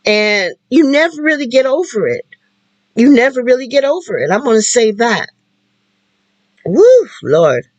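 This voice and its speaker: A livestream host talking while in tears, halting and repeating phrases. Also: mid-range voice, animated, no room sound, lo-fi sound. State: tearful. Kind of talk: emotional spoken-word livestream talk.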